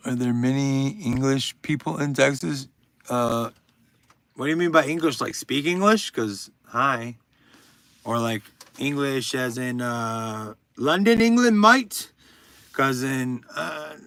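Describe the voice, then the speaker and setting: A man's voice: mid-range voice, bright, forceful tone, no room sound. A man in his forties hosting a casual livestream, chatting with viewers and reading their comments in a rambling, profane, self-deprecating way. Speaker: livestream host.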